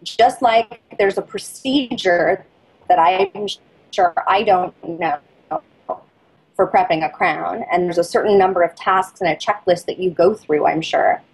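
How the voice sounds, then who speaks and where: Husky, persuasive middle-aged woman coaching. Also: fairly low pitch, unhurried, rough recording. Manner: lively and persuasive, acts out patient and dentist dialogue. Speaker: dental marketing consultant, podcast guest. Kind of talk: energetic interview talk, coaching advice.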